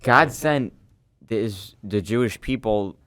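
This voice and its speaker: Young guy, deep smooth voice, rambly earnest podcast chat, dry sound. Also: slow, fairly bright tone, no room sound. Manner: earnest, rambling, restarts often. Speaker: podcast co-host. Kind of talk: casual chat.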